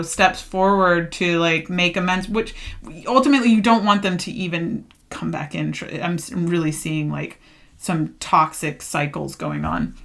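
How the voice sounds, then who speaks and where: Woman doing a tarot reading, bright voice, rambly and worked up, lots of "like". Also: medium pitch. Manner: chatty, fired-up, emphatic, many "like" fillers. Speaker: tarot reader. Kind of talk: casual tarot reading monologue.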